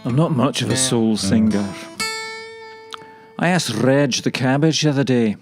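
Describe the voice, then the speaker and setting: A man voicing a rambling old male kale leaf, telling stories in a dry deadpan comic monologue. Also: medium pitch, music in the background, natural voice. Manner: dry deadpan, drawn-out delivery.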